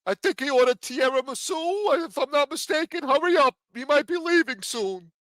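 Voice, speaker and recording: A man putting on a sly, high voice as a tipster who teases the listeners with news. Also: animated, normal speed, a bit bright, no echo. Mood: teasing. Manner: teasing, conspiratorial.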